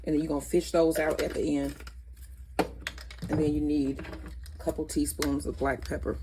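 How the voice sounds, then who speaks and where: A woman's voice: deep voice, level tone, moderate pace, noisy background. A woman hosting a casual cooking vlog in her home kitchen, chatty and correcting herself as she goes. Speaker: cooking channel host.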